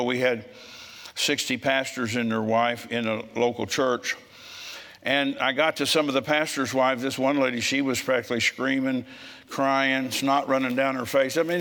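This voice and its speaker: A man preaching a sermon in a church, telling folksy stories in a frisky, forceful way. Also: medium pitch, steady tone, moderate pace, long reverb tail.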